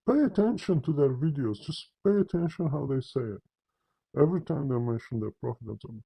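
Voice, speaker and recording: Talking to camera in a combative religious monologue, a man speaks right to his listeners, restarting often and repeating words for emphasis. His medium-pitched voice is creaky with a breathy edge, lively in intonation at a moderate pace, and the recording has its highs cut off.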